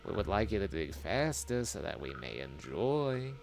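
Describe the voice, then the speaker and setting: A man putting on a fussy, impatient older man with a slightly Southern accent, coaxing in a drawn-out, mock-formal way. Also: low-pitched, sing-song, creaky, a little hiss or hum, full character voice.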